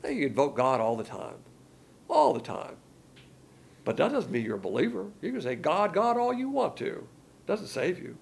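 A gravelly, husky man preaching a sermon. His pitch swings widely as he drives his points home. He talks in a colloquial, emphatic way, dropping slangy asides. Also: sing-song, moderate pace.

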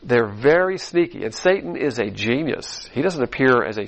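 Blunt, animated male preacher. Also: medium pitch, normal speed, rough recording. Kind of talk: sermon.

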